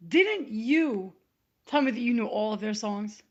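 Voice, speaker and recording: A woman's voice: a little high, lively intonation, measured pace, muffled recording. A woman in a casual comedy podcast chat, teasing her friends and laughing easily.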